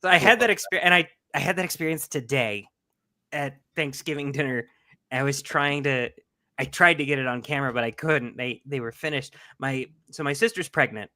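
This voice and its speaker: A man in his thirties co-hosting a casual chat, an animated storyteller who laughs often. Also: medium pitch, brisk, no room sound, studio quality. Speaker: podcast co-host.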